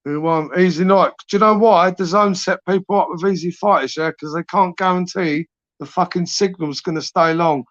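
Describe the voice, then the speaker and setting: A man's voice: sits high, fairly even intonation, moderate pace, a bit bright, no room sound. A man in his forties hosting a late-night live stream, rambling through chat with sweary, matey banter. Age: 40s. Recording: dry, dull lo-fi stream audio.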